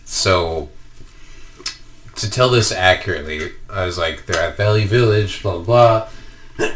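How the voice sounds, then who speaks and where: Guy with a really low voice, rambling podcast story, swears a ton. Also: unhurried, fairly bright tone. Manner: rambling, swears a lot, lots of fillers. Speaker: podcast co-host. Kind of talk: casual chat, storytelling.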